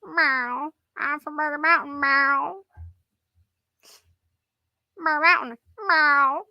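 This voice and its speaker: A woman voicing a weird, bullying male house cat that brags and taunts between meows, in a gravelly, raised voice. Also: high-pitched, steady tone, slow, no echo, muffled recording, pitched above the performer's own voice. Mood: swaggering. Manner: boastful meowing taunts.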